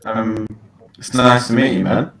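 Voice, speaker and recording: A man's voice: fairly low pitch, measured pace, creaky, reverberant, far from the mic. Hesitant man with a mixed British accent. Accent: British mixed with Latino and Portuguese. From Britain. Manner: self-conscious, hesitant with restarts. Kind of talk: casual voice chat.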